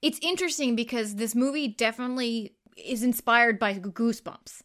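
A woman's voice: fairly high pitch, moderate pace, a bit bright. A woman co-hosting a casual podcast, giving enthusiastic, opinionated takes on movies and swearing casually. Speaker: podcast co-host. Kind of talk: casual movie review chat.

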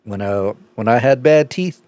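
A man's voice: medium pitch, moderate pace, darkish tone, no echo. A man co-hosting a podcast, telling a story casually with lots of swearing. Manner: profane storytelling, laid-back. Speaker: podcast co-host.

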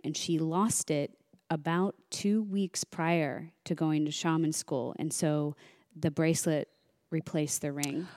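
A woman on a podcast tells a story casually and with lively energy, often slipping into the voices of the people involved. Her voice sits low. The recording is dry and close. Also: no room sound. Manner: animated, acts out quoted dialogue. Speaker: podcast guest.

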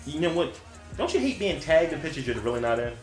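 A man's voice: fairly high pitch, sing-song, quick pace. A man co-hosting a podcast in casual, profane chat, telling jokey stories and putting on voices for them. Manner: profane, jokey storyteller, slips into voices for anecdotes. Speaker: podcast co-host. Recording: roomy room with music underneath.

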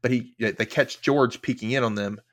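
A man's voice: medium pitch, steady tone, moderate pace, fairly bright tone. Chatty man recapping a show. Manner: chatty, lots of filler words, swears freely. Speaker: podcast host. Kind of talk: casual episode recap.

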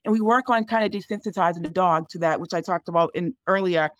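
A woman's voice: fairly low pitch, quick pace, no room sound, highs cut off. A woman dog trainer giving casual advice in a conversation, explaining in a chatty way full of fillers like um and you know.

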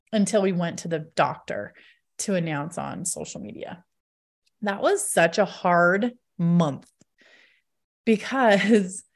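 A woman in her thirties talks straight to her viewers in an open, confiding way. She keeps laughing between sentences and strings her thoughts together with many a "like". Her pitch sits right in the middle for a woman. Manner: chatty, laughs often, many likes. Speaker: vlogger. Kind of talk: candid storytelling to viewers.

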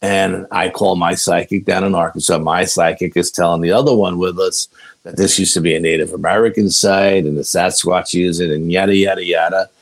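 Male podcast guest, low gravelly storyteller who keeps saying "you know". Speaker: guest investigator. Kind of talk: casual storytelling interview.

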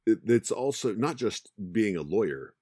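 A man co-hosting a podcast in casual chat, halting and repeating words as he reads out listener comments. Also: fairly low pitch, sing-song, a little mellow, breathy edge, dry recording, clean studio sound. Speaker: podcast co-host.

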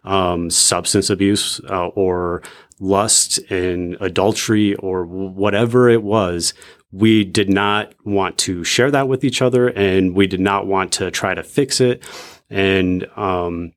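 A man sharing his faith testimony in casual chat, reflective and measured with frequent pauses and ums. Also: sits low, steady tone.

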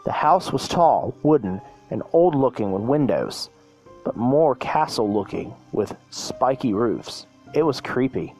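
A man's voice: medium pitch, expressive, a little slow, a little mellow, faint music behind. A man hosting a podcast, casually reading a fan story aloud with frequent stumbles and self-corrections. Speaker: podcast host.

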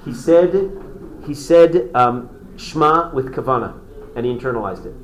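A man leading a story-driven class, chatting with his listeners and tossing questions at them. His voice sits at a middling pitch. It is heard in an echoey room with a faint hiss underneath. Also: animated, normal speed, a little mellow. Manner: conversational, quizzes listeners. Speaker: Torah teacher.

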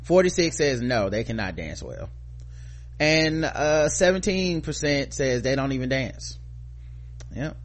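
A man's voice: medium pitch, animated, unhurried. A man co-hosting a podcast in casual chat, riffing with joking, mock-indignant asides. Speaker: podcast co-host.

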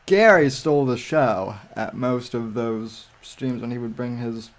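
A man chatting casually on a livestream, rambling with frequent restarts and halting phrases. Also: mid-range voice. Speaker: livestream guest. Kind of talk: casual chat.

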